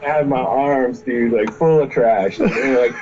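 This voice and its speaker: A man's voice: mid-range voice, a little slow, mellow, highs cut off. A man telling a wild personal story in casual chat as a podcast guest, rambling, swearing freely and laughing often.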